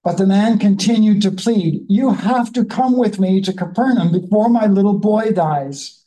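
A Bible study leader in a conversational teaching style, reading scripture slowly and then musing about it in a chatty way. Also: medium pitch, warm tone, poor audio.

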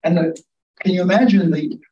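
Man, high voice, conversational sermon, roomy distant sound, faint background ambience. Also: a little fast, warm tone, highs cut off, a little hiss or hum. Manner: conversational, asks listeners to imagine scenes. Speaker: preacher.

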